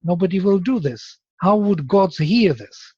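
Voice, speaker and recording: A man teaching Sanskrit in a seminar, speaking as a with many pauses and chanting verses aloud. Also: sits high, lively intonation, mellow, slightly rough, dry recording. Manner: slow, halting, chants verses. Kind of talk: seminar lecture with recitation. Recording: dull, dry lo-fi recording.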